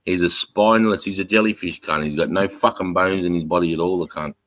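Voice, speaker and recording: A man's voice: sits low, fairly even intonation, fast, a bit bright, no echo, rough recording. A man hosting a live stream, talking in a casual, profane and heated way.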